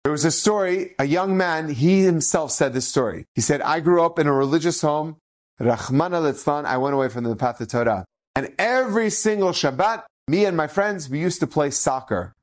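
Animated male rabbi telling stories. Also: fairly high pitch, moderate pace. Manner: animated, acts out quoted speech. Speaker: rabbi, inspirational speaker. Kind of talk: storytelling Torah talk.

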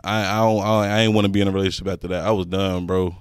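A man's voice: deep voice, rapid-fire, clean tone, no echo, studio quality. A young man, a podcast co-host, telling a personal story in casual slangy chat with friends, laughing as he goes. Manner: animated, laughs through his story, slangy.

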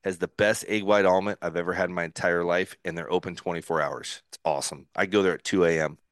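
A man in his forties, a former pro pitcher, telling stories as a podcast guest and laughing along. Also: fairly even intonation, quick pace, no echo, clean studio sound. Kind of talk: casual storytelling.

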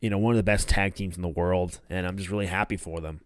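A man's voice: quick pace, no room sound, studio quality. A man hosting a show, casually recapping events and acting out quoted lines in a raised voice. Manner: animated retelling, acts out quoted lines with higher pitch. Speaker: wrestling podcast host.

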